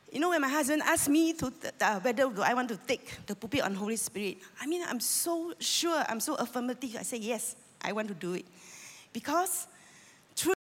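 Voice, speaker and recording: A woman's voice: fairly high pitch, fairly bright tone. A woman in her fifties with a Malaysian English accent, preaching a sermon in a church with earnest, emotional fervor and rallying calls to the congregation. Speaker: lay preacher. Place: church sanctuary. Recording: long reverb of a church hall.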